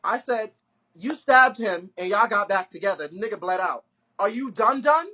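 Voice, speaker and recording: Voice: mid-range voice, expressive, moderate pace, sharp tone. A host on a live stream asking casual questions and pressing by repeating them.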